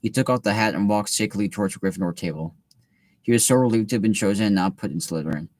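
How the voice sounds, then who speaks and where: A man's voice: on the low side, quick pace, a little mellow, dry recording. A young man reading a children's novel aloud and breaking off into laid-back, filler-heavy commentary. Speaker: reader.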